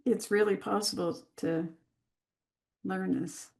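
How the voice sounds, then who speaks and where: Woman, teacher, gravelly voice, unhurried, deliberate pauses, video call. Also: medium pitch, steady tone, darkish tone. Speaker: master class teacher. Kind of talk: live online class talk.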